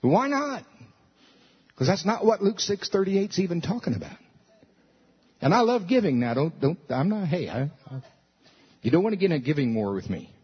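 Male pastor preaching, animated, loud then soft, fairly high husky voice. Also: fairly quick. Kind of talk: sermon. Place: church service. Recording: dull lo-fi recording.

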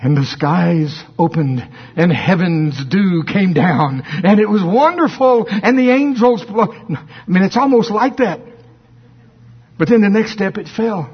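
Brief: middle-aged man preaching, lively and husky, on a dull lo-fi recording. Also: sits high, unhurried. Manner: animated storytelling, playful, acts out voices. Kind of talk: sermon.

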